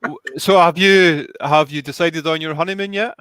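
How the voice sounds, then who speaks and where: A man's voice: fairly high pitch, moderate pace, a bit bright, a little hiss or hum. A man with a Scottish accent, from Scotland, friendly and laughing as a guest in a casual chat.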